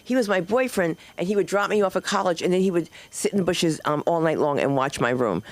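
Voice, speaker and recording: A woman's voice: lowish voice, big pitch swings, a little fast, hardly any pauses, no room sound. A middle-aged woman hosts a comedy open mic, wandering from one story to the next in a loose stand-up set. She acts out the people in her anecdotes as she goes. Her voice comes through a handheld mic on a club stage. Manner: loose, digressive storytelling, acting out quoted people. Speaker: stand-up comic and host.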